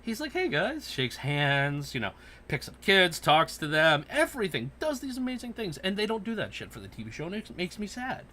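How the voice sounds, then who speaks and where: A man rants and retells a favorite TV scene on a casual podcast, cursing freely. His voice is bright and swings widely in pitch as he gets worked up. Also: fairly quick. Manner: profane, animated ranting storyteller. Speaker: podcast host.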